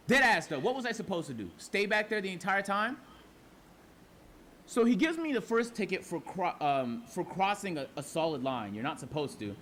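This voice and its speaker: Young man, streamer storytelling to chat, high-pitched, lively swoops, cursing, faint noise. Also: brisk. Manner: animated, profane, talks to chat, acts out his side quietly.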